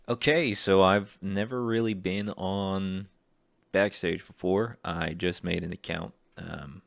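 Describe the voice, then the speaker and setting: Hesitant young man with a gravelly voice. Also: low-pitched, no room sound. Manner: rambling, hesitant, self-deprecating. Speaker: aspiring voice actor. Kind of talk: casual screen-share vlog.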